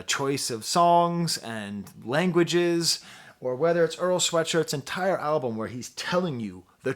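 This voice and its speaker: A man's voice: mid-range voice, fairly bright tone. Impassioned man reviewing a record. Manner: impassioned, emphatic, quick to laugh; talks straight to the viewer, teacherly asides. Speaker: music reviewer hosting his own channel. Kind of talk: casual record review monologue.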